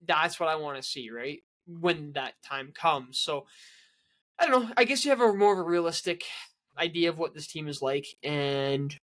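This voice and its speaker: A man's voice: fairly high pitch, expressive, moderate pace, fairly bright tone. A man co-hosting a casual sports podcast, rambling with many restarts and fillers. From Canada. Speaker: podcast co-host.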